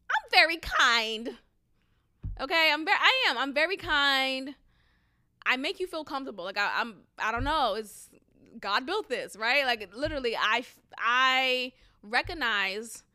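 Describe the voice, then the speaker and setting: A woman's voice: mid-range voice, sharp tone, smooth. A young woman of Haitian background telling a story in a chatty, casual way, laughing often and swearing freely.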